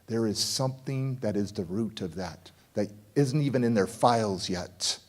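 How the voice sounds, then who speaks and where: A man's voice: lowish voice, normal speed, a little mellow. A middle-aged man giving a motivational keynote at a conference, telling a personal story and acting out the voices of the people in it. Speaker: motivational speaker. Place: conference hall.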